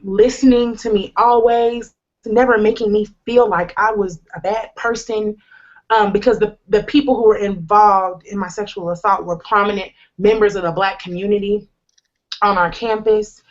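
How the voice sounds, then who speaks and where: Brief: young woman host, earnest and candid, slangy humor, slightly muffled recording. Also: mid-range voice. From United States. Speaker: host sharing a personal testimony. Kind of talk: candid conversational testimony.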